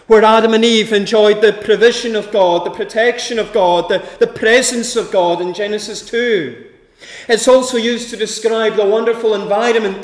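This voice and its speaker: A man's voice: high-pitched, echoey room. A man preaching a sermon with a rhythmic delivery, building his points through emphatic repeated lists.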